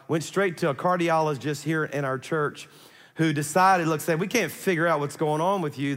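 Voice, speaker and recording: Middle-aged male pastor, higher-pitched, conversational sermon storyteller, big reverberant hall. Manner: animated, conversational, acts out quotes.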